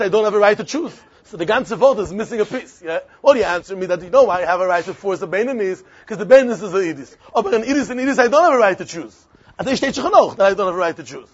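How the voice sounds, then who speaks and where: Male Talmud teacher, Yiddish-inflected accent, husky high voice, animated sing-song reasoning, muffled lo-fi audio. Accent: Yiddish-inflected English. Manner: animated, repetitive, sing-song argument with frequent questions. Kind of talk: Talmudic lesson.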